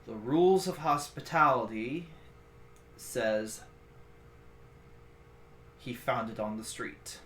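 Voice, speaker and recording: A weary old orc warrior, voiced by a man running the game, speaking slowly and low with heavy, tired sighs. The tone is bright and forceful despite the fatigue. It is recorded in an echoey room. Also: animated, slight background noise.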